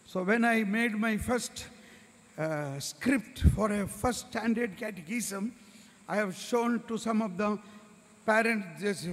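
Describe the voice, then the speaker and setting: Indian English man, priest preaching, high and unhurried, hall echo. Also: a bit bright. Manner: storytelling, acts out voices of others. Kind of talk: sermon. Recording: reverberant hall.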